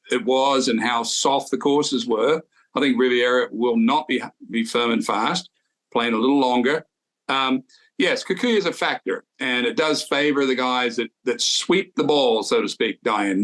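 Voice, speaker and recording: A man's voice: medium pitch, poor audio. Older Australian man recalling golf. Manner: relaxed storytelling with golf detail. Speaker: golf podcast co-host, former tour winner. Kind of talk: casual golf chat.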